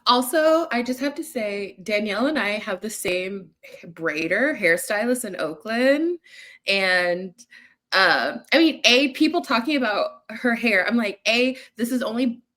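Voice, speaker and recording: A woman's voice: fairly high pitch, animated, measured pace, fairly bright tone. A woman co-hosting a podcast, chatting expressively and acting out quotes as she recaps a reality show. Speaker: podcast co-host. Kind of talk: casual recap chat.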